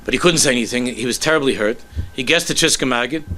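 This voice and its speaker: A man, a rabbi, telling a story in a sermon with animated delivery that sinks to soft, low tones. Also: fast talker, slight background noise.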